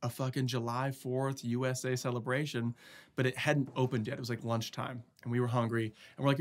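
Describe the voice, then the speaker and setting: A man's voice: mid-range voice, level tone, fairly quick. A man co-hosting a podcast, telling a loose story in casual chat and acting out quotes along the way. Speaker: podcast co-host.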